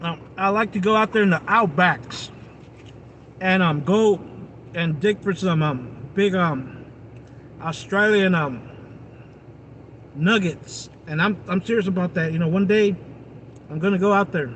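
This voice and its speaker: Streamer type: man with a high voice, chatty and rambling, talking straight to his viewers outdoors, faint traffic behind. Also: a little slow, pauses often, a bit bright. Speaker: live streamer. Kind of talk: casual livestream chat with viewers.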